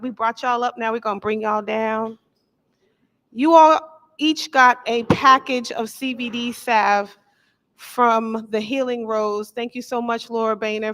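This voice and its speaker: A woman's voice: fairly high pitch, a bit bright. A tired woman emceeing a live event on a handheld mic, playful and teasing with a firm motherly edge and folksy slang. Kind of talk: casual live event hosting. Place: event venue with a live audience.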